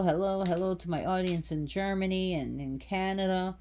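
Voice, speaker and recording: A woman's voice: lowish voice, moderate pace, background noise. A woman hosting her own channel, giving a casual, rambling talk about a goddess. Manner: rambling, repeats and restarts phrases. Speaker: channel host.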